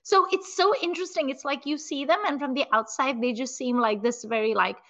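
A woman co-hosting a podcast, retelling a film scene in a casual, animated way full of "like" and "you know". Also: high-pitched, a little fast. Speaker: podcast co-host.

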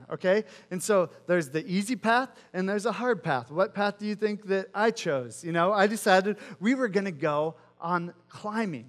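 A middle-aged male pastor with a high voice preaches in a relaxed, self-mocking way, padding his story with likes and you-knows. His words ring out with a long reverb, as in a large hall. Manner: casual, self-mocking storytelling with many fillers. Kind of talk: sermon with personal story.

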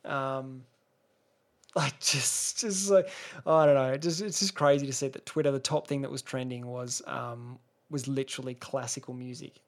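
A man's voice: mid-range voice, fairly even intonation, normal speed. A young Australian man hosting a solo podcast, rambling and sarcastic, swearing freely and restarting his sentences. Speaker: podcast host. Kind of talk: casual solo podcast rant.

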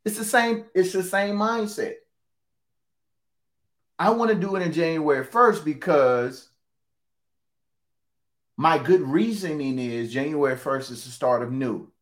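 A man's voice: a little high, measured pace, pauses often. A man preaching a conversational sermon, repeating key phrases for emphasis and reading scripture aloud.

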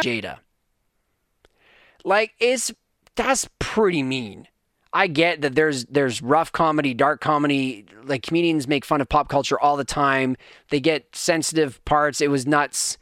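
A man in his thirties hosting a podcast, telling a story in an animated, rambling, self-deprecating way with frequent restarts. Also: on the high side, measured pace, no echo, studio quality. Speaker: podcast host. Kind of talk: casual storytelling rant on a live stream.

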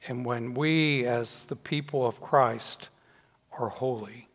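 An older man preaching a sermon, measured, letting his voice fall softly at the ends of phrases. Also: medium pitch, fairly even intonation. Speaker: pastor. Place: church sanctuary. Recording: long reverb in a church hall.

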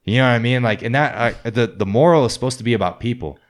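A man's voice: medium pitch, very fast. A man chatting casually with friends, rambling and swearing freely as he tells stories. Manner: profane, rambling storyteller. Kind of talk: casual chat.

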